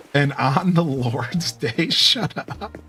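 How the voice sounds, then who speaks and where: A relaxed male streamer with a fairly high, sharp-toned voice chats casually with his viewers. He speaks to them directly in an easygoing, friendly way, with faint music playing in the background.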